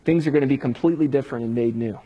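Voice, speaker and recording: A man preaching a sermon, building drama with hushed pauses and rising emphasis. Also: medium pitch, breathy edge, highs cut off. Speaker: pastor.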